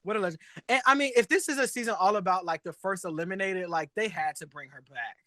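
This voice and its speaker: A man co-hosting a drag and pop culture show, chatting in a sassy, animated way and laughing often. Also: high voice, quick pace, no room sound. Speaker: podcast co-host. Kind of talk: casual chat.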